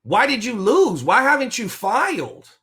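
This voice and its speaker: A man's voice: extremely high pitch, very animated, unhurried, fairly bright tone. A middle-aged man, a coach for veterans' claims, talking in a rambling, emotional way and cutting himself off mid-sentence. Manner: emotional, rambling, self-interrupting. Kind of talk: motivational vlog talk.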